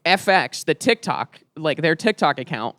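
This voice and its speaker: A man's voice: fairly high pitch, animated, moderate pace, fairly bright tone, no echo, clean studio sound. A man guesting on a comedy podcast, chatting with enthusiasm and telling stories. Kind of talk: casual comedy podcast chat.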